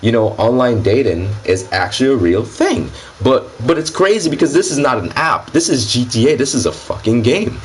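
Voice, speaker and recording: Lively boastful young man telling a story. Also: medium pitch, normal speed, hardly any pauses. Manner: animated, boastful, slangy. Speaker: gaming YouTuber guest. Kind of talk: casual storytelling in an interview.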